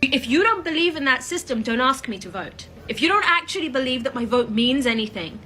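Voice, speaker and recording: Brief: confrontational woman, higher pitch, crisp bright tone. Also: lively intonation, fairly quick, faint music behind. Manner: pointed, confrontational. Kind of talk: political argument clip.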